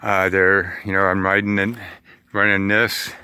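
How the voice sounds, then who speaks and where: Slow, bright-voiced man vlogging outdoors. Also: low voice, clear, resonant tone, no echo. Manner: rambling, relaxed, frequent fillers and restarts. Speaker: van-life vlogger. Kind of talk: casual vlog walkthrough. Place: outdoors by a river.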